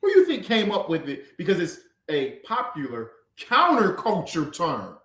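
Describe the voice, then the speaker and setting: A man's voice: high voice, wildly swooping pitch, normal speed, bright, forceful tone, echoey room. A man teaching a livestreamed scripture class, lecturing emphatically with rhetorical questions.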